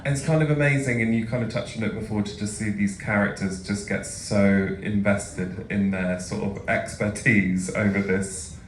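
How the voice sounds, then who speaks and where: Low-voiced man interviewing onstage. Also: fairly even intonation, normal speed, hardly any pauses, a little hiss or hum. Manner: warmly prompting, brief interjections. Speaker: event interviewer. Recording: roomy hall, mic far off.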